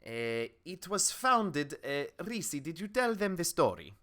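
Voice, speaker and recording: A man voicing a shrewd, businesslike woman herbalist and alchemist in a tabletop game, measured and dry. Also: on the high side, big pitch swings, fairly bright tone, pitched above the performer's own voice. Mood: grave.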